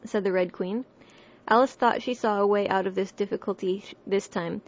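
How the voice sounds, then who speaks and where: Woman narrator, storybook reading, mid pitch, steady, dull lo-fi recording. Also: brisk. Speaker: audiobook reader.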